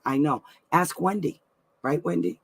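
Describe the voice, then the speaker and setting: A woman's voice: sits low, unhurried, vocal fry, husky. A middle-aged woman hosting a weekly live advice stream from home, chatting effusively and laughing often. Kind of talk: casual live-stream chat.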